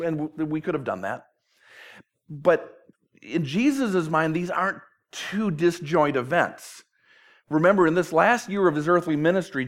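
A man preaching a sermon in a conversational way, acting out dialogue with self-deprecating humor. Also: on the high side. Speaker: pastor.

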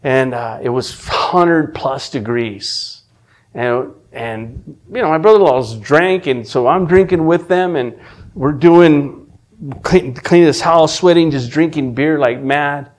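A middle-aged man telling his personal faith testimony, earnest and emotional, often restarting his sentences and dropping from loud to hushed. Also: on the high side, slow. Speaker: testimony speaker.

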